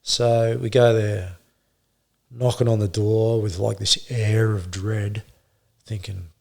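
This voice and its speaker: Man, gravelly, lowish voice, blunt, swears, halting restarts. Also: fairly even intonation, darkish tone. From Australia. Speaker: guest, former police officer. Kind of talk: candid interview storytelling.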